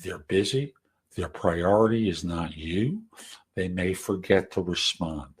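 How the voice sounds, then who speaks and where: An older man with a low, slightly husky voice hosts a career advice podcast. He talks casually and gently, in an easygoing, conversational manner. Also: unhurried. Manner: soft, gentle, conversational delivery. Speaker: career coach and podcast host.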